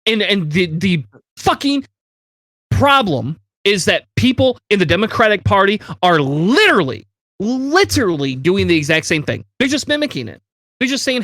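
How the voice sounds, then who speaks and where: Podcast co-host, male, high voice, angry swearing rant, dry close mic. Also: big pitch swings, moderate pace, bright, forceful tone, dry recording. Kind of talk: heated political discussion.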